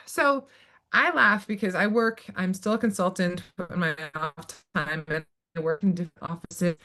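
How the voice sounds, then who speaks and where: A woman speaking as a panelist on a webinar, emphatic and lively, acting out little quoted exchanges as she explains. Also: on the low side, normal speed. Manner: emphatic, acts out quoted voices. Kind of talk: animated webinar talk. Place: video call.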